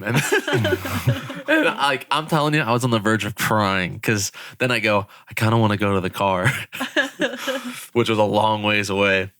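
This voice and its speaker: A man's voice: lowish voice, normal speed, no echo, studio quality. A young man, a podcast co-host, casually telling a story with frequent laughter and swearing. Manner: laughing, swearing, animated retelling.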